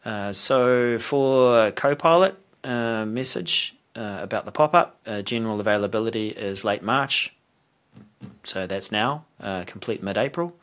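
A man's voice: on the low side, unhurried, a bit bright, smooth. A man hosting a casual tech chat, reading out news items and making wry, teasing remarks. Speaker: podcast host.

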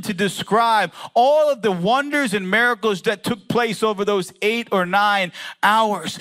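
High bright-voiced young male preacher. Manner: earnest storytelling, dry self-mocking asides. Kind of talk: testimony sermon.

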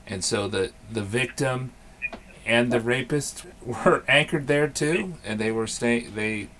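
A man hosting an interview and asking casual questions, with many pauses and fillers. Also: medium pitch, a bit bright, a little hiss or hum. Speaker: host and author. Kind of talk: podcast interview.

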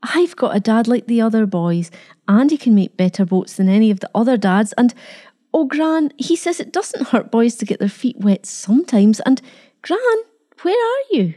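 A woman voicing an excited, eager little boy in a storybook reading, breathless with excitement. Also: on the high side, moderate pace, pitched above the performer's own voice.

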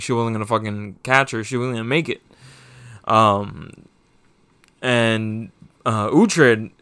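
A man's voice: medium pitch, fairly bright tone, clear, resonant tone, no echo. A man giving a casual, rambling spoken review of a TV season, swearing often and getting heated. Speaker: show reviewer.

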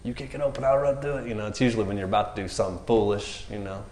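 A man's voice: lowish voice, very fast, reverberant. A man preaching a casual, joking sermon, acting out the characters in raised voices. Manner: animated, jokey, acts out characters with raised voices.

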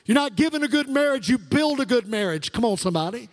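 A man's voice: very high-pitched, expressive, fast. A middle-aged male pastor delivering a sermon with fervent call-and-response preaching in a church sanctuary. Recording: long reverb of a large hall.

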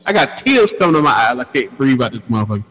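A man telling a crude story in casual chat, laughing often and animated. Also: medium pitch, fast talker, big-room sound, poor audio.

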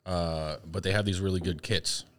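A man's voice: deep voice, fairly even intonation, moderate pace, fairly bright tone. A man co-hosting a podcast in easygoing casual chat, often adding "like" and "right?". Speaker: podcast co-host.

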